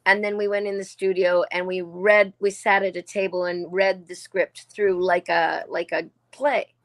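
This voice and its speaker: A woman's voice: fairly low pitch, flat delivery, normal speed. A woman in her sixties, originally from Australia, talking as a guest actor in a casual interview and telling chatty stories full of quoted asides.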